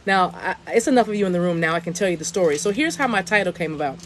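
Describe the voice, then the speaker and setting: A woman's voice: fairly low pitch, animated, rapid-fire, a little hiss or hum. Chatty woman giving a spiritual reading. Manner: chatty, repeats phrases, chants in light language. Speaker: spiritual reader. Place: outdoors on her deck.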